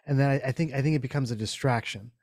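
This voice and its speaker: A man's voice: mid-range voice, racing, darkish tone, no room sound. A man talks through his thoughts in a loose, reflective way and often slips into quoted asides that mock himself. His voice sits in an ordinary middle register. The recording is close and dry, with little room sound. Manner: reflective, rambling, with self-mocking quoted asides. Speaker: podcast co-host. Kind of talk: casual conversation.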